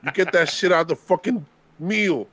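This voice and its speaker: A man's voice: sits high, normal speed, a bit bright, slightly rough. A young man co-hosting a podcast, joining in with enthusiastic, profane banter. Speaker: podcast co-host. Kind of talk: casual chat.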